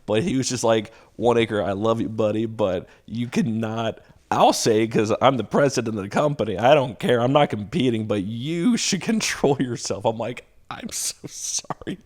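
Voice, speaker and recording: Laughing, animated male comedian telling stories. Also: mid-range voice, moderate pace, few pauses. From Texas. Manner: animated, laughs while telling stories, acts out quoted voices. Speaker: stand-up comedian guest. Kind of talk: casual storytelling chat.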